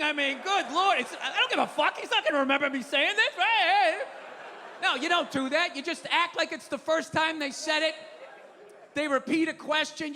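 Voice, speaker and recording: Male stand-up comic, profane rant, high loud voice, long hall reverb, roaring crowd. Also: noisy background. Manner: profane ranting, loud outbursts. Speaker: stand-up comedian. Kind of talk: stand-up comedy. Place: comedy venue stage. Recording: live show in a large hall with audience.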